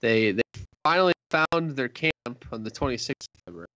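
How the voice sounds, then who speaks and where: A man's voice: medium pitch, animated, a little fast, muffled recording, noisy background. A young man co-hosting a casual podcast, telling a story in a rambling, joking way. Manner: joking, rambling storyteller who slips in a mock accent. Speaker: podcast co-host.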